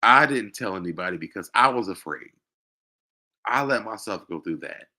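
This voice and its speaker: Low, forceful man in a confessional monologue. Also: lively intonation. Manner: emotional, halting, with many fillers. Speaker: show host.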